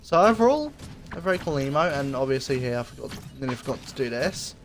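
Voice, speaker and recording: Reviewing game cosmetics, a gaming video creator rambles in an easygoing way, his middle-pitched voice swinging widely in pitch. He pauses often with fillers and lets thoughts trail off over faint background noise.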